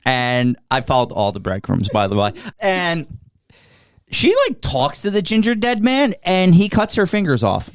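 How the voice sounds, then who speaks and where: A man's voice: a little high, very animated, a little slow, smooth, dry recording. A young man hosting a podcast, jokingly recapping a movie plot in casual chat. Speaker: podcast host.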